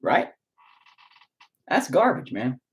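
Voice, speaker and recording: A man ranting to camera about how men are expected to hide their feelings, swearing often, swinging between loud outbursts and low mutters, and close to tears at times. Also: wildly swooping pitch, slow pace, slight background noise. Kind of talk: unscripted rant to camera.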